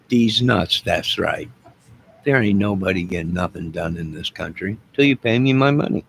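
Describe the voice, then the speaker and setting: Man, low gravelly voice, rambling boastful rant, mock-menacing drawl, comic monologue to viewers. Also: expressive, moderate pace, slight background noise. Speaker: online music and movie channel host.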